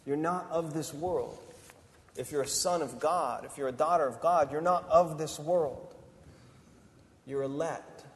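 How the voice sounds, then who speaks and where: A man preaching with fervor, his fairly high voice ringing out in a hall with a long, lingering echo. He swings between forceful, emphatic declarations and hushed, tender appeals to his listeners. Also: a little slow. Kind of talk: sermon. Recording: long reverb of a large hall.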